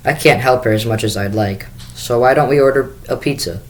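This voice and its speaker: A man's voice: medium pitch, fairly quick, close to an everyday voice. A man reading aloud, voicing a kind and reassuring father in a storybook. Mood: friendly.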